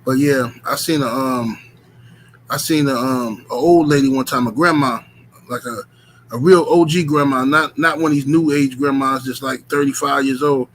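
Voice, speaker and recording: A man casually telling a profane, rambling story to his stream chat, animated and full of filler words. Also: medium pitch, normal speed, a little hiss or hum, low-quality recording.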